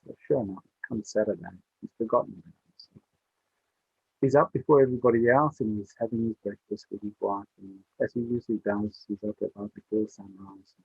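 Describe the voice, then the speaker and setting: A man telling a story aloud in a relaxed oral style, switching his voice for the characters. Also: fairly quick, creaky, husky, no room sound. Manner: voices the characters with rising pitch for the child. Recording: dry, tinny phone-like sound.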